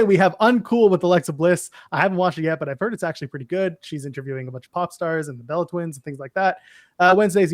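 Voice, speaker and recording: A man with a fairly high voice co-hosts a loose wrestling podcast. He rattles through lists with snarky, opinionated asides. The sound is dry and close to the mic. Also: no echo. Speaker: podcast co-host. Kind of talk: casual wrestling chat.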